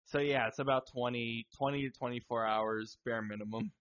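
A man co-hosting a podcast in casual chat, excitable, swearing and laughing a lot. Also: medium pitch, brisk. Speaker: podcast co-host. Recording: dull lo-fi sound.

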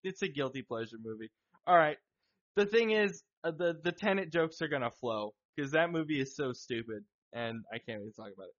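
A man co-hosting a podcast in casual chat, excitable, swearing and laughing a lot. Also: mid-range voice, a little fast, hardly any pauses. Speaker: podcast co-host. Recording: dull lo-fi sound.

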